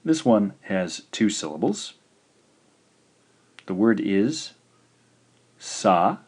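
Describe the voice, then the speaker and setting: A man teaching in a recorded video lesson, patient and slow, saying each syllable out clearly. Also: on the low side, big pitch swings, warm tone. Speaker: language teacher.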